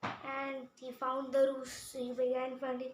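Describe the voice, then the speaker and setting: A woman from India, retelling a picture book in a halting way and repeating words. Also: high voice, monotone. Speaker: storyteller. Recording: echoey room with faint hum.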